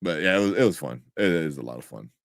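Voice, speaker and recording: A man's voice: very deep voice, lively intonation, fast, vocal fry, no room sound, clean studio sound. A man co-hosting a live stream, chatting casually and reading out viewers' comments. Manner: laid-back, rambling, reads out chat comments. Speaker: co-host of a live show.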